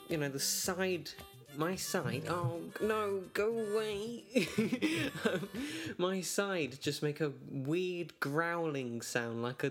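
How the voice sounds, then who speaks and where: Rambling, joking male podcast host, slightly high voice. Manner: rambling, joking, self-mocking, laughs often. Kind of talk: casual solo podcast chat. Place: his own bedroom.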